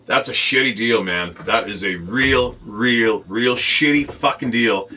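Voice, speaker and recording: A man's voice: mid-range voice, measured pace, bright, forceful tone, a little hiss or hum. A man hosting his show, ranting bluntly and with plenty of swearing, talking from a boat. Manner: blunt, profane and exasperated. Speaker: host. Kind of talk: ranting monologue to camera.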